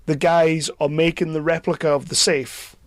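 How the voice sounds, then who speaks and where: A man's voice: on the high side, level tone, normal speed, dry recording, clean studio sound. A man hosting a podcast, giving opinionated casual film reviews and often repeating words as he starts a sentence. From Britain. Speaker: podcast host.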